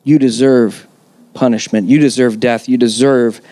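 A man's voice: medium pitch, steady tone, moderate pace, warm tone, no echo. A man preaching a sermon as pastor, conversational yet emphatic, with rhetorical questions.

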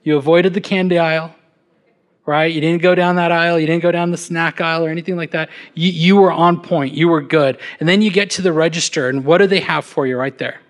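High-voiced man preaching conversationally. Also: steady tone, a little fast. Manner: conversational preaching with frequent word repeats; acts out quoted speech with shifts in pace. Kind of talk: sermon.

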